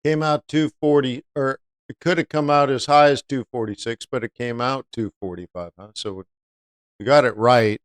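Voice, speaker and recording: A man's voice: medium pitch, steady tone, moderate pace, dry recording. A man hosting a live-stream trading lesson, chatty, often asking viewers rhetorical questions. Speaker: trading educator.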